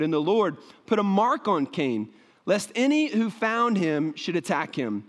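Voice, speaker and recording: High-voiced man preaching in a reverberant hall. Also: sing-song, moderate pace. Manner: conversational, asks "right?" often. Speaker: pastor. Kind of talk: sermon.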